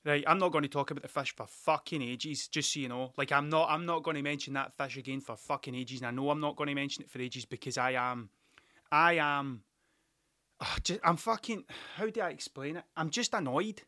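A man's voice: a little high, a little fast, bright, forceful tone, no room sound, clean studio sound. A middle-aged Scottish man hosting a podcast, talking in a rambling, sweary monologue with constant restarts. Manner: sweary, rambling, frequent self-interruptions. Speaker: podcast host. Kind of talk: casual monologue. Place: workshop.

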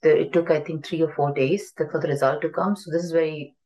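A woman's voice: low voice, steady tone, quick pace, dark tone, poor audio. A woman in her forties, earnest and emotional, tells her personal story as an interview guest and slips into Hindi now and then. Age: 40s. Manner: earnest, mixes in Hindi phrases.

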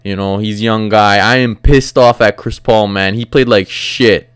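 A man's voice: on the low side, steady tone, moderate pace, clean tone, no echo. A young man hosting a casual solo sports podcast, ranting in a frustrated, profane, rambling way with many filler words. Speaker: podcast host.

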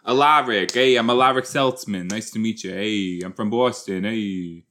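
A man's voice: on the low side, steady tone, measured pace, close to an everyday voice. A man voicing a cheery adult male teacher with a Boston accent, eager and greeting.

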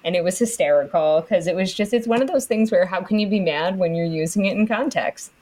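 A woman's voice: lowish voice, brisk. A young woman co-hosting a podcast, telling everyday stories animatedly and often laughing as she talks. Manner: animated storytelling, laughs through it. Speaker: podcast co-host. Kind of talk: casual chat.

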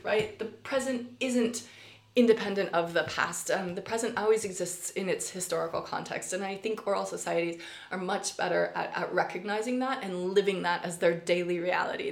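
A woman's voice: mid-range voice, creaky, echoey room. A middle-aged woman professor talking her students through a recorded lecture, conversational and thoughtful, with many fillers and restarts. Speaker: college professor.

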